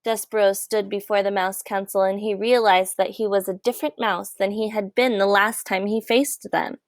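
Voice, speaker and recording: A woman reading a children's novel aloud in a gentle, measured storytelling voice. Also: mid-range voice, fairly even intonation, dry recording, studio quality. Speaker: audiobook reader. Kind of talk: storybook narration.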